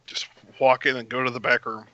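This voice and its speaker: A man at a tabletop game, giving terse, blunt declarations of what his character does. His voice is very bright and sharp, and the recording is dull and lo-fi. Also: mid-range voice, little pitch movement, a little fast, no room sound. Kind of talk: casual chat.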